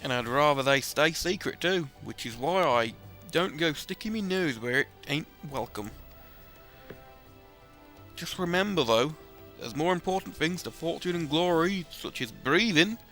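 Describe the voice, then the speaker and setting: A gruff, chatty sea-dog with a rough put-on seafaring accent, as a man reads the game lines in character. His drawl is folksy and bright-edged, with soft game music beneath. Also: fairly high pitch, expressive, a little slow, pitched above the performer's own voice, exaggerated voice. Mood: wry. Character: gruff, chatty adult male sailor. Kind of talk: reading game dialogue aloud in character.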